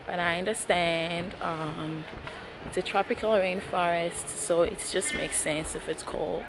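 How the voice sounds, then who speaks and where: A woman vlogging outdoors on a rainforest hill, excitable and often exclaiming in fright and awe. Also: lowish voice, unhurried, noisy background. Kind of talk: casual travel vlog. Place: outdoors on a hillside rainforest trail. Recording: music playing over the voice.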